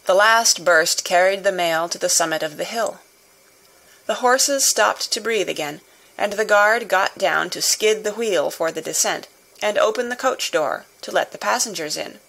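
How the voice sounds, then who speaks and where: A woman reading a classic novel aloud as audiobook narrator, in steady, measured storytelling. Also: medium pitch, creaky, rough recording.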